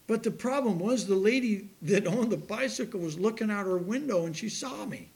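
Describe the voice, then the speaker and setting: An older male pastor preaching in a fairly high, light voice. He tells homespun stories with self-deprecating humor and often laughs at himself. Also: normal speed, a little mellow, a little hiss or hum. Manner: laughs at his own story. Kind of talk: sermon.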